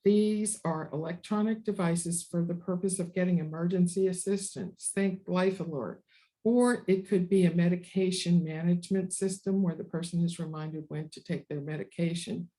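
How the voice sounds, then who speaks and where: A presenter giving an informational webinar, explaining program rules in a measured way, partly read and partly ad-libbed. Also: medium pitch, steady tone, dark tone, poor audio. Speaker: disability advocacy presenter.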